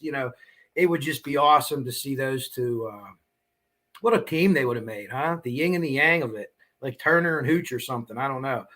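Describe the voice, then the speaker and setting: A man's voice: fairly high pitch, bright, forceful tone. Rambling, profane man hosting a livestream. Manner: rambling, talks in asides and tangents; frank and profane. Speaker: true crime channel host. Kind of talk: casual livestream commentary.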